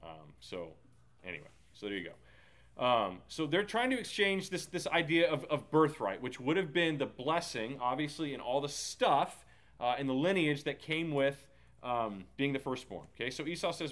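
A man's voice: mid-range voice, big pitch swings, moderate pace, a bit bright. A man leading a Bible study in a casual, talkative way, with many fillers and restarts. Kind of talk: casual teaching.

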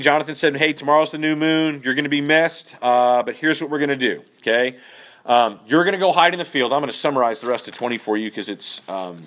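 Male Bible study leader, mid-pitched, chatty teaching with frequent check-ins. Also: a bit bright. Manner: conversational, many fillers and "okay?" checks. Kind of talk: casual teaching.

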